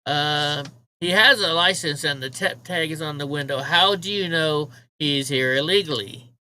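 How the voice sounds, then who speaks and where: Man, livestream host, casual rant, profane, mocking, very bright voice. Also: a little high, normal speed, poor audio. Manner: profane, mocking, talks to the chat.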